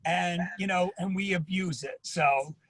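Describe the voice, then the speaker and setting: A man's voice: sits high, measured pace, fairly bright tone, no room sound, low-quality recording. A man speaking as an addiction therapist at an online symposium, earnest and personal, often repeating himself. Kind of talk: panel talk at an online symposium.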